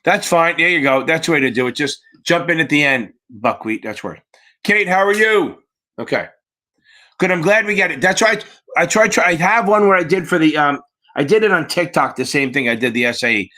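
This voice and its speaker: A man's voice: fairly high pitch, expressive, a little fast, bright, forceful tone. A man running a casual live-stream Q&A for exam prep, chatty and profane, answering viewers from the chat by name.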